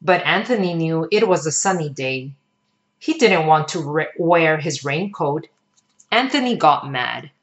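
A woman reading a children's picture book aloud in an expressive storytelling manner. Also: sits low, measured pace. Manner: expressive, sing-song storytelling.

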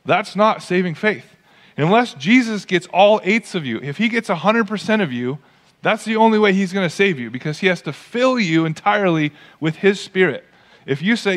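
Animated preacher man in echoing hall. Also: sits high, brisk. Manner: animated, acts out quoted voices. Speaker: pastor. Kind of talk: sermon. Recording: long church hall reverb.

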